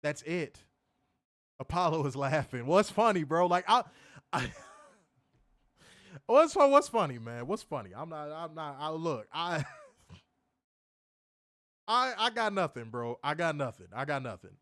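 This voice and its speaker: A young man casually reviewing a wrestling show, excitable and slangy, laughing often and repeating phrases. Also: fairly high pitch, measured pace, pauses often, dry recording, studio quality. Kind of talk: casual live-stream commentary reading chat.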